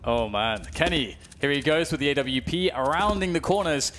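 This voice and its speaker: A man with a British accent giving fast play-by-play esports commentary and rising to excited shouts at big plays. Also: fairly high pitch, slight background noise. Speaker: esports caster.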